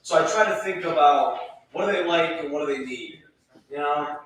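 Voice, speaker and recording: Deadpan man doing open mic stand-up. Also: on the high side, moderate pace. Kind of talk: stand-up set. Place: bar stage at an open mic. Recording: echoey room, taped from far off.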